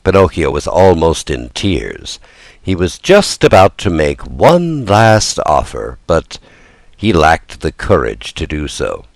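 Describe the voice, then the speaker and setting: A man reading a classic children's story aloud with a lively, theatrical delivery. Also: very deep voice, slow, vocal fry, no echo. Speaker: audiobook narrator.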